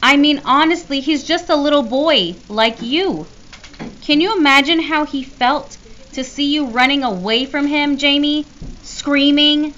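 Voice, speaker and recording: A woman's voice: sits high, measured pace, a bit bright, highs cut off, slight background noise, pitched above the performer's own voice. A woman voicing a caring mother who scolds her sons earnestly. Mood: scolding. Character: caring but firm mother.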